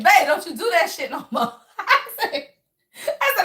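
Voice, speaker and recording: High, bright-voiced tarot reader woman. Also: moderate pace. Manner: animated, profane storytelling, constantly addressing viewers as y'all. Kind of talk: casual tarot reading to viewers.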